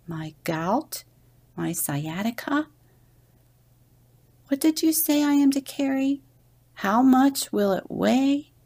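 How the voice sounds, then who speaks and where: A woman's voice: mid-range voice, creaky, dark tone, breathy edge, pitched above the performer's own voice, heavily acted. A woman voicing a grumpy, proud old male camel who complains of his aches and boasts of his strength.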